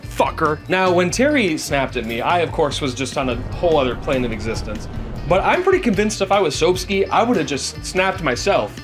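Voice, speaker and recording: A man's voice: on the high side, fairly quick. A man telling a funny story in a rambling, casual way, with music underneath. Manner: rambling and animated. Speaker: comedic storyteller.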